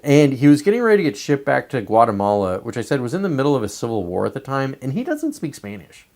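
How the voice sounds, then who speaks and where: A man's voice: mid-range voice, huge pitch swings, quick pace, a little mellow. A man hosting a show, delivering a blunt, profanity-laced political commentary monologue. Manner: profane, emphatic ranting. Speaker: podcast host.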